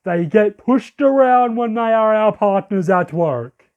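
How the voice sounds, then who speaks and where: A man's voice: high voice, expressive. A man voicing a pompous male orator giving a grand speech in an odd put-on accent. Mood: grandiose. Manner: slow, grand, declaiming. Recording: lo-fi audio.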